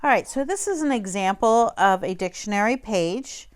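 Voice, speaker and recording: A woman teacher talking students through a textbook page in a relaxed, conversational way, with fillers. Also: mid-range voice, moderate pace, a little hiss or hum. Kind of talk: recorded online lesson walking through a textbook page.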